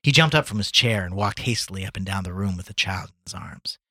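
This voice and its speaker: A man reads a short story aloud for a podcast, lifting his voice into the characters' lines. His voice is a bit low, bright and husky. The recording is dry and close. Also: fast, no echo. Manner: expressive, voices the dialogue dramatically. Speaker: podcast reader.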